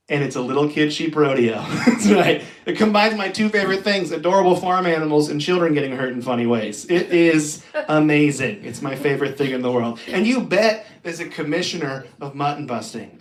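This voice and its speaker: A young male comedian works through a live-streamed stand-up set in a casual, self-deprecating way, often breaking into laughter. His voice sits a little high for a man, and the audio carries a noticeable room echo. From Pacific Northwest of the US. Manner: self-deprecating, conversational, laughs between jokes.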